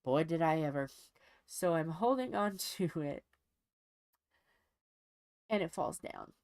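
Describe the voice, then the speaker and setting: A woman's voice: low-pitched, animated, takes it slowly, a little mellow, dry recording. A woman hosting a diamond painting channel, chatting casually while she crafts and telling a rambling, folksy story from home.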